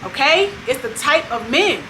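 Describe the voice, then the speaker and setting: High-voiced woman telling a story. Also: measured pace, background noise. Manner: animated retelling that acts out other people's lines. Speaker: vlog host. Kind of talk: casual storytelling to camera.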